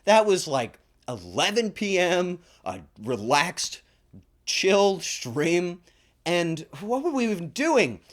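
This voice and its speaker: Guy streamer hosting his award show, high voice that jumps all over, jokey. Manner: animated and self-mocking, quick swings in pitch. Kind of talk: casual stream chat.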